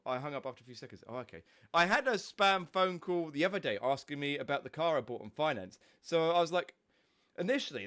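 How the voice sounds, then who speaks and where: A man's voice: a little high, a bit bright. A young man with a stuffy, snotty nose from a cold, chatting casually and rambling on a live stream, swearing now and then.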